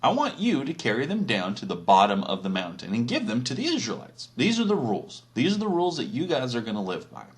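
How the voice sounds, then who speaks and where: A man's voice: medium pitch, huge pitch swings, fast, few pauses. A man voicing God as a blunt, profane, demanding boss in a comedy retelling. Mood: bossy. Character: bossy male God laying down the rules.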